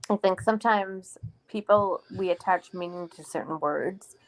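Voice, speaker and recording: A woman with a fairly low voice co-hosts a casual live stream. She speaks earnestly and reflectively and often answers comments from viewers. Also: moderate pace.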